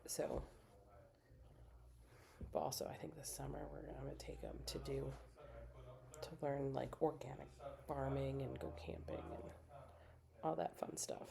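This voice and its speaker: A woman's voice: rumbling low, moderate pace, vocal fry, long pauses, crowd noise. A middle-aged woman chatting casually during a craft livestream, telling stories and acting out quotes. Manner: chatty, storytelling with acted-out quotes. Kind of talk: casual chat while crafting.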